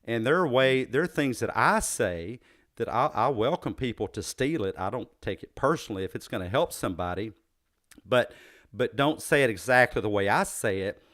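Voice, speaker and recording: A man's voice: mid-range voice, expressive, normal speed, a bit bright. A man with a Southern US accent hosting an interview, often hesitating and restarting his phrases. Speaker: podcast host. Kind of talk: interview conversation.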